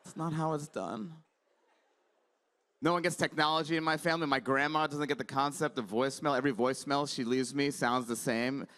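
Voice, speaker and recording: A man's voice: medium pitch, fairly even intonation, quick pace, few pauses, a bit bright. A man in his thirties doing a stand-up comedy set on a conference stage, chatty and wry.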